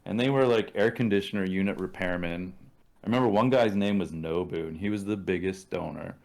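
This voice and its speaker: Canadian man, low voice, casual profane storyteller, acts out quotes. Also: fairly quick, creaky, a little mellow. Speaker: podcast guest.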